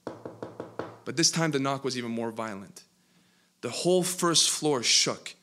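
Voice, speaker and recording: Bright-voiced preacher telling a dramatic parable. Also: male voice, medium pitch, slow pace. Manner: dramatic, building narration with sudden bursts. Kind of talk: sermon storytelling.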